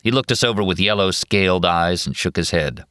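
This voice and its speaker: Very deep-voiced male narrator. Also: clear, resonant tone, no room sound, studio quality. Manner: steady, measured first-person telling. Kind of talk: audiobook narration.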